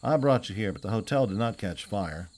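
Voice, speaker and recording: A man reading aloud plays a scheming villain holding a captive, talking in a falsely soothing, quietly menacing way. The tone stays low-key and steady, for an audiobook. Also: brisk. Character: scheming middle-aged male kidnapper.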